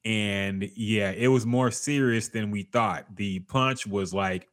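A man's voice: fairly low pitch, slow. A man co-hosting a casual podcast, reacting to trailers and sports news with blunt, profane commentary. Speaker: podcast co-host.

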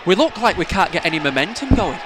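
A man's voice: sits high, sing-song, fast talker, raised voice, loud music behind the voice. A man co-hosting a casual football podcast, joking and teasing his co-host. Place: outdoors at a football stadium. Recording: noisy outdoor stadium recording.

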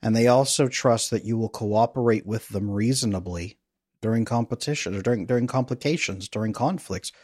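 A middle-aged man, a relationship coach, talking as a podcast guest in a lively, playful, guiding way. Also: on the low side, a little fast, no echo, studio quality. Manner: energetic, playful, guides listener through an exercise. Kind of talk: conversational interview.

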